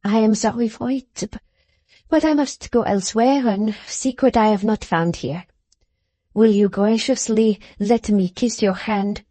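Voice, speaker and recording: A woman voicing an intense young French lady's maid in an audiobook, speaking in a low, subdued, earnest way with a French accent. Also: expressive, unhurried, warm tone, no room sound. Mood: earnest pleading. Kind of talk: audiobook character voice.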